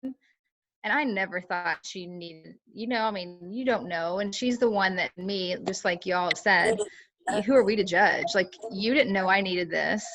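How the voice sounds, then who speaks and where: On a casual team call, a woman recounts her experience in a chatty style packed with fillers, mimicking what other people said. Her voice is medium in pitch and fairly bright, at a normal speed.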